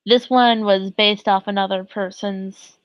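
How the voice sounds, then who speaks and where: A woman's voice: mid-range voice, no room sound, poor audio. A woman streamer chatting casually, giggly and gushing, a little flustered. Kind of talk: casual live-stream chat.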